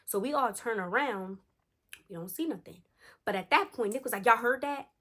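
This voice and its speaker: A young woman vlogger telling a spooky storytime to her viewers in a casual, slangy, animated way. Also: medium pitch, normal speed, breathy edge. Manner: animated, slangy, addresses listeners as y'all.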